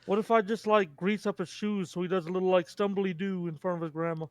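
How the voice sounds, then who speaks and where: A man's voice: high voice, steady tone, quick pace, a little mellow, no echo. A man chatting as a stream co-host, joking and ranting with crude humor. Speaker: co-host friend. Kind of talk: casual chat.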